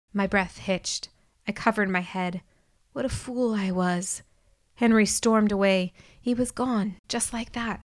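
A woman's voice: medium pitch, steady tone, measured pace, dry recording. A woman reading a first-person novel aloud with earnest, emotional delivery, close to the mic. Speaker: audiobook narrator.

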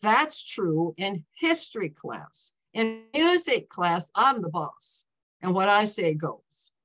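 A woman voicing a bossy middle-aged male music teacher who talks in a firm, brisk way, laying down the rules. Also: medium pitch, very animated, fairly bright tone.

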